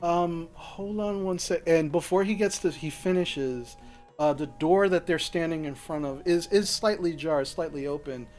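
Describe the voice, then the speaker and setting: A man's voice: a little high, moderate pace, a little mellow, soft background music. A man narrating as game master, describing the scene in a rambling, restarting way. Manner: rambling, lots of fillers and restarts.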